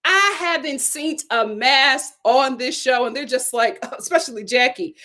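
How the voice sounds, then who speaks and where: A woman hosting a casual live review of a reality TV show, animated and incredulous, repeating herself for emphasis. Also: sits high, measured pace. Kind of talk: casual live recap chat.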